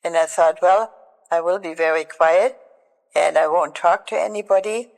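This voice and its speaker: Gravelly older woman. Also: lowish voice, normal speed, darkish tone, long reverb tail, rough recording. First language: German. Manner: earnest storytelling with restarts and prayerful asides. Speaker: Holocaust survivor telling her story. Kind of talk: recounted personal testimony.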